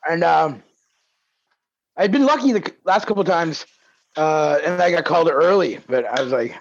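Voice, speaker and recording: A man's voice: on the high side, moderate pace. A man co-hosting a podcast, telling a story in a casual, profane way and mimicking the people in it. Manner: animated, profane, mimics voices in his stories. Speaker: podcast co-host. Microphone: video call. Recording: dull lo-fi sound.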